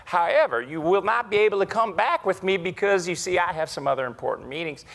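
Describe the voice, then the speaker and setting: A man doing an impression of an older, confident and folksy male tech executive, talking slowly with emphatic drawling delivery. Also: sits high, lively intonation, vocal fry, a bit bright, voice pushed up, heavily acted. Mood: boastful.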